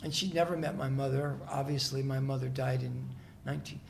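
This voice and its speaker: A man with a deeply gravelly, fry-heavy voice talks in a casual interview, soft-spoken and meandering, often restarting his sentences. A faint hiss sits under the recording in a hotel room. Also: fairly even intonation, brisk. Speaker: musician guest.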